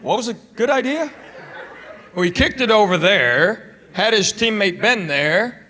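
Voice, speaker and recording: A man's voice: high-pitched, expressive, measured pace. A middle-aged man with a Southern American accent, telling stand-up comedy stories in a drawling, conversational way and bantering with the crowd. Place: comedy stage before a live audience. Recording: live stage recording with loud crowd laughter and noise.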